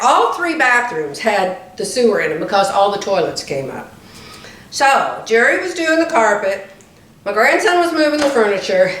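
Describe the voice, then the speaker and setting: A woman's voice: medium pitch, fairly bright tone. Chatty older woman, echoey room. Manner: chatty, laughs often while telling a story. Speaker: vlogger. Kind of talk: casual storytelling. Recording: roomy echo.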